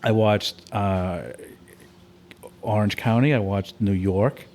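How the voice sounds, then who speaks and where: A man hosting a casual podcast chat, teasing his guest with quick jokes. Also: on the low side, steady tone, darkish tone. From half Irish. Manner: joking, teasing, quick banter. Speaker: podcast host.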